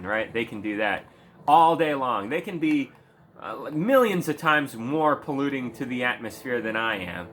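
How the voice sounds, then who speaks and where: A man's voice: medium pitch, sharp tone, a little hiss or hum. A man ranting in a casual commentary video, heated and sarcastic, swearing often. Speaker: video creator.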